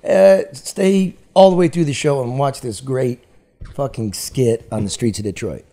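A man's voice: mid-range voice, normal speed, warm tone. A man hosting a casual chat show, talking bluntly and rambling, with plenty of swearing. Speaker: host.

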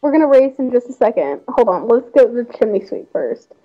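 A woman's voice: on the high side, lively intonation, fairly quick, soft background music. A young woman hosting a game livestream, chatting in a bubbly, giggly way. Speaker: livestream host. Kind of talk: casual game-stream chat. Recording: slightly muffled stream audio.

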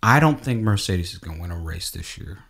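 A man hosting a casual sports podcast whose pitch swings widely as he talks. He builds from easy chat into loud, exclaiming rants. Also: brisk, gravelly. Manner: animated, rising to exclaiming rants. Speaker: podcast host.

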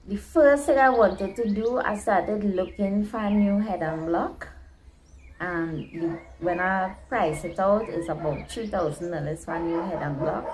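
A woman's voice: lowish voice, darkish tone, a little hiss or hum, low-quality recording. A woman earnestly telling a personal story, venting her frustrations and talking about her faith. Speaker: vlogger. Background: neighborhood dogs barking.

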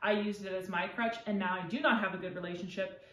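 A woman's voice: mid-range voice, steady tone, quick pace, fairly bright tone, roomy sound, recorded from a distance, highs cut off. A woman in her thirties co-hosting a podcast in casual chat, chatty and full of fillers. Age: 30s. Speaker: podcast co-host.

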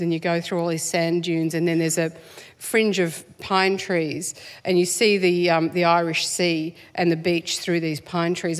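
A woman, an author guest, talking in a live stage interview, chatty and self-deprecating with frequent laughs and ums. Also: fairly low pitch. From Australia, born in England.

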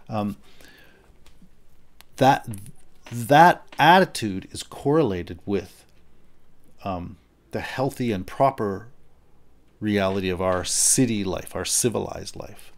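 A man's voice: fairly low pitch, lively intonation, slow pace, long pauses. A middle-aged man giving a recorded philosophy lecture in a thoughtful, conversational way, often restarting and checking in with "right?".

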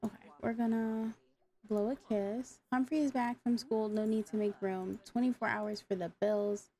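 Woman, gaming commentary, gravelly voice, mellow tone, talks back to the screen. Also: on the high side, fairly even intonation, normal speed. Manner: exasperated, talks to the game characters. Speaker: gaming YouTuber. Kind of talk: casual gameplay commentary.

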